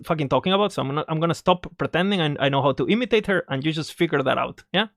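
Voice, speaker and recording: A storytime vlogger at medium pitch who swears freely and keeps breaking off to speak straight to the viewers. The telling is loose and animated. The sound is dry and close, with no room echo. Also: brisk. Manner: animated, swearing, self-interrupting with asides to viewers. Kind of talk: casual storytime.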